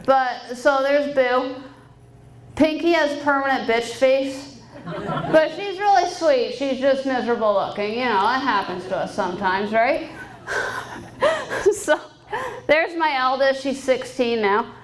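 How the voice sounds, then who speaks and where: A woman's voice: high voice, expressive, takes it slowly, long pauses, low-quality recording. Upbeat woman giving a banquet talk. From Canada. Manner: candid and upbeat, laughs often. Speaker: guest speaker and private pilot. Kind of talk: personal talk at a fundraising banquet. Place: banquet hall.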